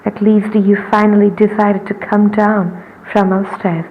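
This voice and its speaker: A woman's voice: mid-range voice, little pitch movement, measured pace, slight background noise, close to an everyday voice. A woman voicing a tired, snide sister-in-law who teases, in a slightly muffled recording. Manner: snide, teasing.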